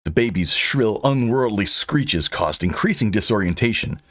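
A man narrating his own fantasy audiobook with dry humor, in a lively, scripted delivery. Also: on the low side, normal speed.

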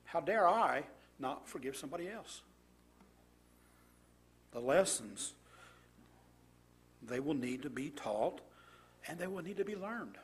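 A man's voice: fairly high pitch, expressive, slow pace, long pauses, fairly bright tone, husky. A man preaching a sermon, reading scripture aloud and commenting with rhetorical questions to his congregation.

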